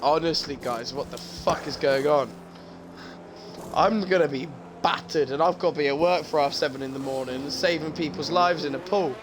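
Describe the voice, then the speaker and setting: A man's voice: a little high, moderate pace, noisy background. A man commentating a sim racing league, joking and swearing as he talks. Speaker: race commentator.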